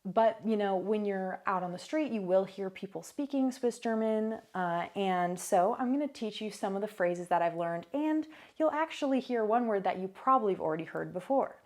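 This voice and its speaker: A woman's voice: mid-range voice, expressive, moderate pace, hardly any pauses, darkish tone. A young woman talking casually to the camera in her vlog, chatty and full of asides. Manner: chatty, many fillers and asides. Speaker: vlogger. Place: new apartment.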